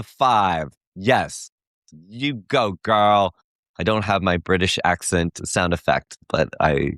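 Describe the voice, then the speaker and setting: A man's voice: deep voice, a bit bright, dry recording, clean studio sound. A middle-aged man hosting a live-stream coaching session, talking emphatically and reading out viewers' chat replies. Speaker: host.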